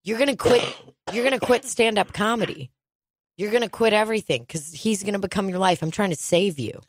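A young woman co-hosting a podcast, chatting casually and telling animated stories, mimicking people and swearing freely. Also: mid-range voice, brisk, no echo, studio quality. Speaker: podcast co-host. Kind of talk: casual comedic chat.

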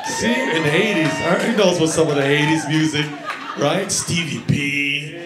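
High-voiced man doing stand-up. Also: normal speed, over loud music. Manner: chatty, riffing, crowd-teasing. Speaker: stand-up comedian. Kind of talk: stand-up comedy set. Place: comedy club stage. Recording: echoey club with audience. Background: crowd laughter.

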